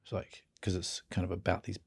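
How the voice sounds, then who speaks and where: Man, middle-aged, New Zealand accent, low gravelly voice, lively swings in pitch, casual self-mocking chat. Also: brisk. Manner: rambling, self-mocking storyteller who laughs often. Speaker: guest.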